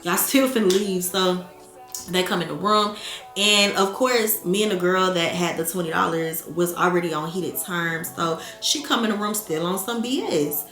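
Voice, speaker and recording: A young woman from Atlanta telling a story to camera, animated and blunt, swearing freely and talking to viewers as y'all. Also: lowish voice, normal speed. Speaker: vlogger. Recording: echoey room with faint music.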